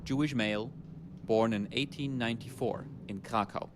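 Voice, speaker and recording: German accent, world-weary male archivist, voiced by a man, clipped delivery, middle pitch. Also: normal speed, a little hiss or hum, lightly acted. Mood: grave. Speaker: game character. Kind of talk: game voice acting.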